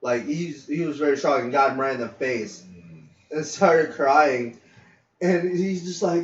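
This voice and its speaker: On a podcast he co-hosts, a man with a higher-pitched voice works through a long work anecdote at a measured pace. It's rambling and informal, full of fillers with some swearing mixed in. The audio comes from a dull lo-fi mic, distant and roomy.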